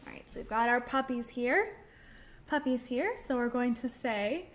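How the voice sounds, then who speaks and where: A woman hosting a library storytime for young children, talking through finger rhymes in a gentle, encouraging way. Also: on the high side, animated, a little slow.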